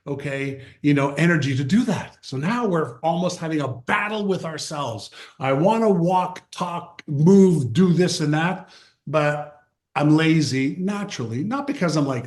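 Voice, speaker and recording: A man in his sixties, a guest on an interview show, telling a story in a lively conversational way and acting out the quotes. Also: a little high. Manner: animated, acts out quotes. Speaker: guest, mindset author.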